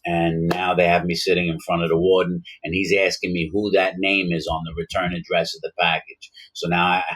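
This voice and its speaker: A man's voice: deep voice, fairly quick. Man telling prison stories. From Long Island, New York. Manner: animated, acts out both sides of dialogues. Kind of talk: casual storytelling to camera.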